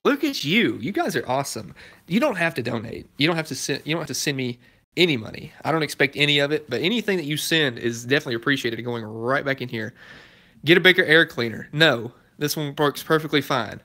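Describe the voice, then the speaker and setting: Bright-voiced garage YouTuber chatting live. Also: male voice, medium pitch, animated, quick pace. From Southern United States. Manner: chatty, laid-back, chuckles between comments. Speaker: car restoration YouTuber. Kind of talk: casual live-stream chat reading viewer comments. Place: garage workshop.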